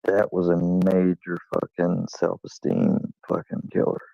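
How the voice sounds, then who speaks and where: A man's voice: deep voice, big pitch swings, measured pace, vocal fry, mellow, no room sound. A young man rambling through a crude, self-mocking personal story in casual vlog style. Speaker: vlogger. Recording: dull lo-fi dry recording.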